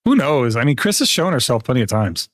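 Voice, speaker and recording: A young man gives casual, chatty commentary while he plays a game live, laughing often between his explanations. His voice sits at an ordinary middle pitch and sounds dry and close, with no room around it. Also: sing-song, quick pace, dry recording. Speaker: streamer.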